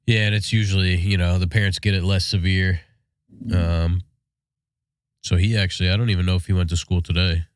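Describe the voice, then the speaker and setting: A man's voice: sits low, little pitch movement, fairly quick, smooth, dry recording, clean studio sound. A man in his thirties with a stuffy, nasal voice from a cold, chatting easily as a podcast co-host. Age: 30s. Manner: easygoing, rambling with fillers. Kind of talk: casual chat and read sponsor ads.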